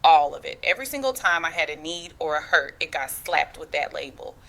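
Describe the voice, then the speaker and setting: A woman's voice: deep voice, expressive, fairly quick, gravelly, sharp tone. A woman in her thirties telling a personal family story in the first person, slangy and confiding, speaking straight to the listener. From United States.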